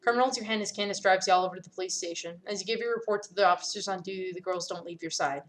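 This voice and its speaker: A woman's voice: mid-range voice, rapid-fire, faint music behind. Woman narrating a story game aloud. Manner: expressive, reacting aloud. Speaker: game streamer. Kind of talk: reading and playing a visual novel.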